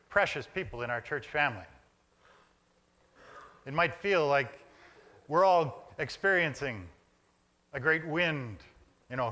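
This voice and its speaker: Man, pastor, sermon, reflective, short repeated phrases, fairly high voice, bright and forceful. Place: church sanctuary.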